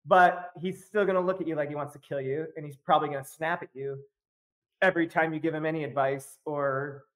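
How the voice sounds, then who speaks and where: Guy w a pretty high voice on a podcast, rambly story, tons of "like", keeps laughing. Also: fairly even intonation, brisk, fairly bright tone. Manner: rambling, filler-heavy, laughs often while telling. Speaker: podcast guest. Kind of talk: casual storytelling chat.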